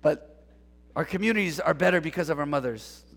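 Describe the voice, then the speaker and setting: High, gravelly-voiced preacher in a hall. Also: male voice, brisk. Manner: animated, call-and-response preaching with jokes. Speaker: pastor. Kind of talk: sermon. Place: church sanctuary.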